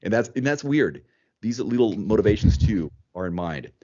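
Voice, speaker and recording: A man hosting a podcast in casual chat, animated, thinking aloud and repeating words as he goes. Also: lowish voice, moderate pace, highs cut off. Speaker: podcast host.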